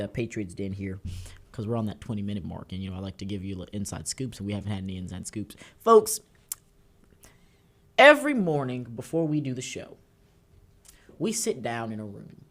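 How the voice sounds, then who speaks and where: A young man co-hosting a political talk show, bantering casually and telling stories with lively asides to the audience. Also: lowish voice, a little fast. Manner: animated storytelling, mimics others.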